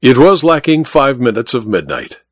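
A man narrating a story in a measured, expressive storytelling manner. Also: medium pitch, husky, no echo, studio quality. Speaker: audiobook narrator. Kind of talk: scripted narration.

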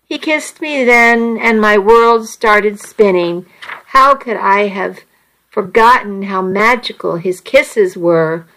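A woman softly narrating a first-person romance story in an intimate reading voice. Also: fairly high pitch, slow, low-quality recording.

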